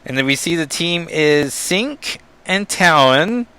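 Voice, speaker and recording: A man's voice: on the high side, takes it slowly, clear, resonant tone. A man casually recapping a comic book issue, rambling with frequent ums and reading panel text aloud. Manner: rambling, with many ums and asides; reads captions and dialogue aloud in a flat summary voice.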